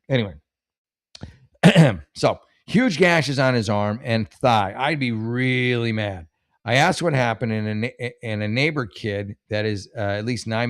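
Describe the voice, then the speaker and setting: Rambling, joking male advice host. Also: medium pitch. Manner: rambling, jokey, many restarts and self-corrections. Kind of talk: casual chat reading listener questions.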